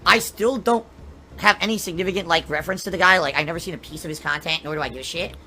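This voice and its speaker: A man's voice: a little high, fast, sharp tone, slight background noise. A man live streaming, reading viewer tips aloud and answering them in a defensive, dismissive way, heard as a clip played back.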